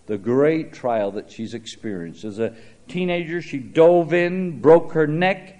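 A man's voice: a little high, lively intonation, unhurried, a little mellow. Older male preacher telling stories. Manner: conversational, frequent "uh" fillers and repeated "she said". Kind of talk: sermon with storytelling.

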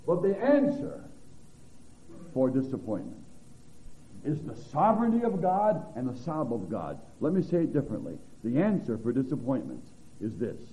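A man preaching a sermon as a pastor, swinging from loud to hushed. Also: medium pitch, big pitch swings, normal speed. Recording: tinny phone-like recording.

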